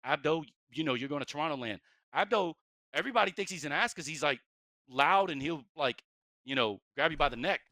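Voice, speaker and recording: Blunt guy on a podcast, bright voice, dry close sound. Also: a little high, lively intonation, a little fast, dry recording. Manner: blunt, direct, emphatic. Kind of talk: casual podcast chat.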